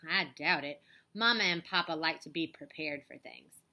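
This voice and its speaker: A woman's voice: deep voice, normal speed, sharp tone, full character voice. A woman voicing a curious, adventurous young girl doll in a storybook reading, with an eager, confiding manner.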